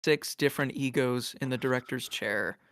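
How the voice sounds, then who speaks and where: A man co-hosting a casual film discussion podcast, giving relaxed, blunt commentary. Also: medium pitch, normal speed, no echo, clean studio sound. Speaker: podcast co-host.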